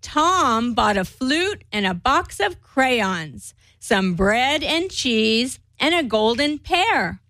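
A woman reading quotes and a light poem aloud in a measured, clear voice. Her tone is high and bright, and she reads slowly. The sound is dry, with soft music underneath. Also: sing-song, dry recording. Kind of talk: scripted reading of quotes and poems.

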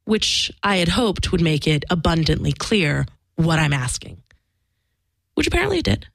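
A woman's voice: low-pitched, big pitch swings, normal speed, creaky, fairly bright tone, no echo. A woman telling a personal story in frank, casual conversation, swearing freely and acting out the lines of the people in it. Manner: frank and emphatic, swears freely, acts out quoted dialogue.

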